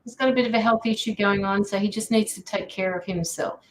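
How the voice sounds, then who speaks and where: Talking fast in a medium-pitched, fairly even voice, an Australian tarot reader runs a livestream, casually greeting viewers and reading their comments aloud. The recording is rough, with slight background noise.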